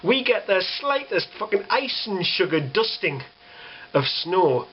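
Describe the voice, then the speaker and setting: A man's voice: high-pitched, sing-song, measured pace, breathy edge, dull audio. A young British man delivering a sarcastic, exasperated rant to camera, swearing freely. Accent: British English. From Britain. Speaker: vlogger. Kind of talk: ranting monologue.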